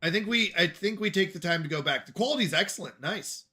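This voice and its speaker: A man's voice: high voice, lively intonation, fast, sharp tone. A man from the United States streaming a game, chatting casually and rambling as he answers viewers' questions aloud. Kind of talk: casual gaming livestream chat.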